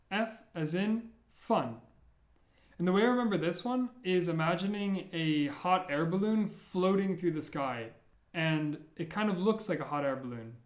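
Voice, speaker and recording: Man teaching slowly in an echoey room. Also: high-pitched. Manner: repeats sounds slowly and clearly. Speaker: language teacher. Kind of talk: slow, careful alphabet lesson.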